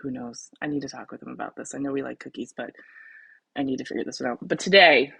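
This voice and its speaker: A woman's voice: extremely low pitch, quick pace, creaky, pushed and bright, breathy edge, dry recording. A woman with a Southern US accent hosting a casual livestream, chatty and laughing at herself as she talks. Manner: chatty, laughing, self-deprecating. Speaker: host.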